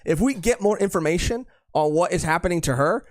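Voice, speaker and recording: Man, casual podcast co-host, rambling, repeats himself, slightly high voice, dry close sound. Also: expressive, brisk, dry recording. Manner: rambling, filler-heavy, repeats phrases. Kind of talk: casual live-stream chat.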